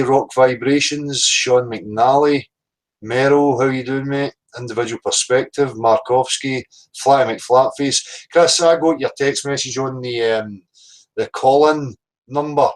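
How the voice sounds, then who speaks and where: A man's voice: mid-range voice, poor audio. A man hosting a casual livestream, blunt and sweary, greeting chat viewers by name. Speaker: livestream host.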